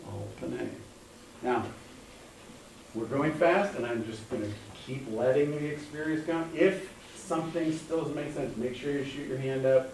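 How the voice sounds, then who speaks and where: A man's voice: medium pitch, moderate pace, a little mellow, far from the mic. A male teacher in a classroom, patiently explaining step by step and calling on students. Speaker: Hebrew teacher. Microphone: room mic from a distance. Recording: echoey classroom, recorded from afar, faint hum.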